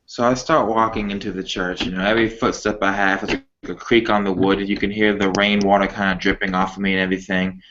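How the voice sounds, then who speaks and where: A man casually describes what his character does at a tabletop game. His voice is low-pitched but bright and forceful. The recording is dull and lo-fi. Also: level tone, fast, few pauses, a little hiss or hum. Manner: casual, narrating his actions. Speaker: player.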